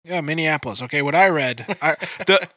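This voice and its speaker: A man hosting a casual movie review chat, talking in quick asides with lots of fillers. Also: fairly high pitch, sharp tone, dry recording. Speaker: podcast host.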